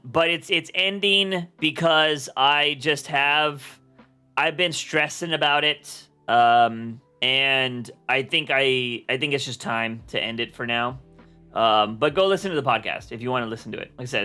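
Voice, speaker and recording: A man's voice: medium pitch, a little slow, pushed and bright, clean tone, faint music behind. A young man chatting casually on a livestream, rambling with lots of fillers and restarts. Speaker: streamer.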